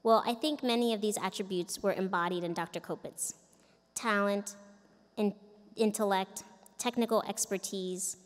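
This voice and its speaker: A middle-aged woman speaks earnestly from a podium at a commencement ceremony. Her voice sits in an ordinary middle pitch. She tells her story through a microphone in a large indoor events arena, with a long reverb trailing each phrase. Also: steady tone, normal speed. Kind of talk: commencement speech. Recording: echoey arena from a distance.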